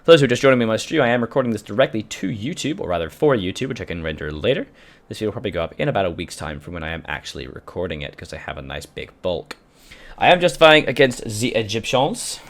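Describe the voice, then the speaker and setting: A man's voice: lowish voice, vocal fry. A man casually commenting on his strategy game as he plays, swearing freely and answering questions from his live chat. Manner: chatty, profane, reads out chat questions. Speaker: video game streamer.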